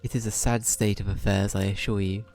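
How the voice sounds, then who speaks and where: A man's voice: on the low side, level tone, brisk, a little mellow, soft background music, natural voice. A man reading out the lines of a melodramatic diver in a video game, in a theatrical way. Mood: mournful. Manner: reads game dialogue aloud, theatrical. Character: melodramatic diver mourning missing water.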